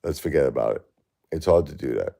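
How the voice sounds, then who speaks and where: Brief: man in his forties, livestream host, very low gravelly voice, impassioned and repetitive, arguing and grieving. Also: animated, fast, mellow. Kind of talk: emotional livestream chat.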